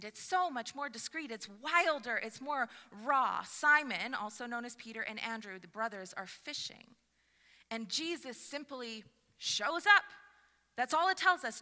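Bright-voiced woman preaching in a reverberant church. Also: on the high side. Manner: expressive, rising to animated emphasis. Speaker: pastor. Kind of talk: sermon. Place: church sanctuary.

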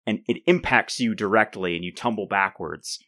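A man's voice: lowish voice, bright, forceful tone, dry recording, studio quality. A man running a tabletop role-playing game as game master, narrating the action with frequent restarts. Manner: halting, restarts often while describing.

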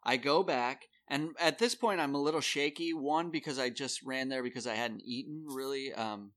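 A man's voice: mid-range voice, moderate pace, fairly bright tone. A man casually telling a long story on a podcast, acting out the people he quotes.

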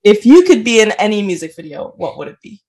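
A woman's voice: mid-range voice, big pitch swings, quick pace, dark tone. Laughing young woman co-host. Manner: laughs often, short backchannels. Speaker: podcast co-host. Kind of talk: casual chat, asking questions.

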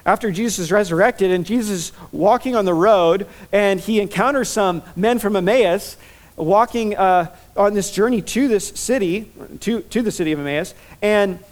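A man preaching a sermon as pastor, enthusiastic and animated, telling stories with quick repetitions. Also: sits high.

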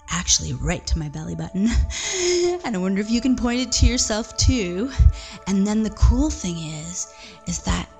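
A woman leading a children's mindfulness lesson from her living room, gentle and playful, sometimes dropping to a whisper. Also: on the low side. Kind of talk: guided mindfulness lesson for kids.

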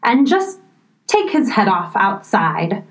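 A woman's voice: sing-song, takes it slowly. A woman doing a shrieking, bossy queen. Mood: furious. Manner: shrill, commanding.

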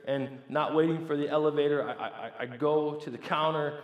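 Male pastor telling a story in a sermon, animated with many restarts, in a roomy, echoing space. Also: on the high side, fairly quick, dull audio. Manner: animated, stammering restarts, swings between loud and hushed.

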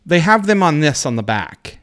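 An enthusiastic man rambles through a casual car chat on a podcast. His voice sits a little higher than most men's, and he restarts his sentences as he goes. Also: very animated, moderate pace, fairly bright tone. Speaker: podcast co-host. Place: Seattle area.

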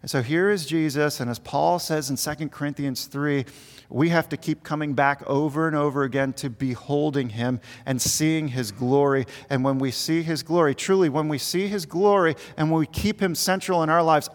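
A man's voice: on the high side, normal speed. Man preaching a sermon in a hall. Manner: earnest preaching, rising emphasis then dropping quiet. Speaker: pastor. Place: large church sanctuary. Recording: long reverb of a large hall.

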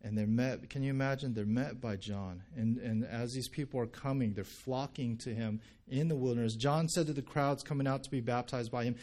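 A man's voice: medium pitch, fairly quick, few pauses. A pastor delivers a sermon in an ordinary mid-range male voice. He talks animatedly, slipping into the voices of people he describes, then reads scripture in a steadier tone. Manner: animated, acts out quoted reactions.

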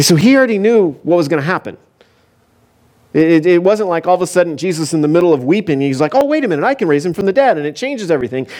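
A man's voice: high-pitched, darkish tone. A man preaching a conversational sermon as a pastor, telling the story casually with frequent asides and fillers. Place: church.

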